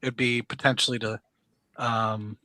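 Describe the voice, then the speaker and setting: A man hosting a live stream, speaking in a measured way with frequent filler words. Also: medium pitch, little pitch movement, sharp tone, no room sound, rough recording. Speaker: stream host. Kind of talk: casual chat.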